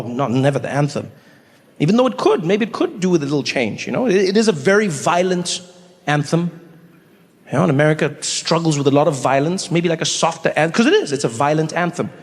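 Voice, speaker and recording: Comedian man, animated storytelling, higher voice, long reverb on stage. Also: fast. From South Africa. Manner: animated storytelling, asking rhetorical questions. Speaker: stand-up comedian. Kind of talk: stand-up comedy. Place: comedy stage before a live audience.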